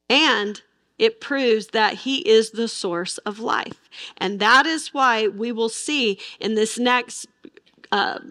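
A woman's voice: high-pitched, bright, forceful tone, no room sound, studio quality. A middle-aged woman teaching the Bible with emphasis, asking her listeners rhetorical questions.

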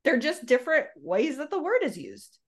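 A woman's voice: high-pitched, huge pitch swings, moderate pace. A woman co-hosting a podcast in casual chat, rambling and restarting her sentences with frequent laughs. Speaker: podcast co-host.

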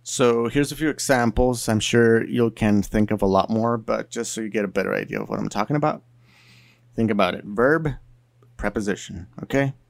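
A man's voice: on the low side, moderate pace, gravelly, no room sound. A man talking through an explanation about languages in a chatty way, full of fillers like "you know" and "like". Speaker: video essayist on languages. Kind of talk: casual explainer monologue.

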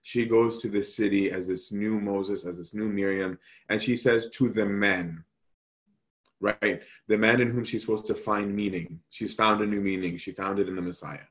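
A man preaching a sermon, animated and acting out quoted voices as he teaches. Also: on the low side, normal speed.

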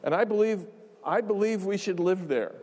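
A man's voice: high voice, moderate pace, darkish tone. Preacher man in a reverberant hall. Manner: conversational, emphatic, with asides and repetitions. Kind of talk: sermon.

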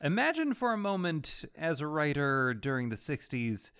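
A man in a casual comics chat, talking haltingly with frequent restarts and laughs. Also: fairly high pitch, very animated, a bit bright, smooth.

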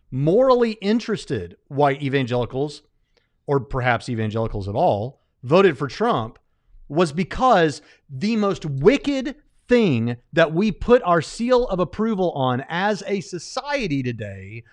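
A man co-hosting a podcast, arguing his point step by step in casual commentary. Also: on the high side. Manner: argumentative, builds a case step by step. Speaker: podcast co-host.

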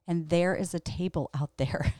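A woman's voice: lowish voice, fairly even intonation, normal speed, mellow, no room sound, clean studio sound. A middle-aged woman who hosts a show and teaches the Bible, telling a personal story in a reflective, earnest and candid way. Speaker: podcast host and Bible teacher.

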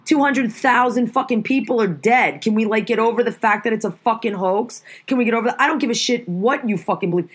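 A woman's voice: on the high side, brisk, few pauses, breathy edge. A woman hosting a podcast, ranting heatedly and swearing often. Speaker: podcast host. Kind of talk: casual podcast rant.

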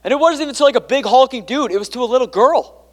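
A man preaching a sermon, swinging between quiet, intimate passages and emphatic ones, with joking asides to the congregation. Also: very high-pitched, quick pace, big-room sound. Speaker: pastor.

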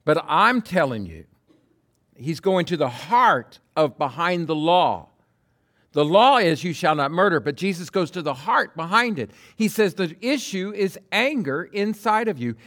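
A man preaching a sermon, acting out quotes with big swings from loud bursts to hushed lines. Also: on the high side, animated, unhurried. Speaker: pastor.

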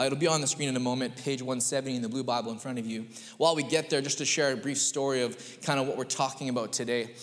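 Animated storytelling pastor in a reverberant church. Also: male voice, medium pitch. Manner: storytelling with animated acted-out quotes. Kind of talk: sermon. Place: church sanctuary. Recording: long hall reverb in a church.

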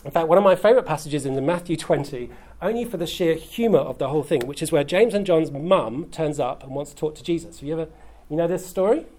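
A pastor preaches to his congregation in a relaxed, conversational way. He mixes humour into the teaching and keeps checking in with "okay?". His voice sits a little high for a man. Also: quick pace, hardly any pauses. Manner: conversational and humorous, with frequent "okay?" check-ins. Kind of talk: sermon. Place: church hall.

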